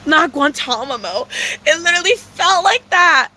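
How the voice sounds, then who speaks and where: Young woman vlogger, high bright voice, dramatic profane storytime rant. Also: animated, normal speed. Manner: dramatic, profane, heavy filler slang.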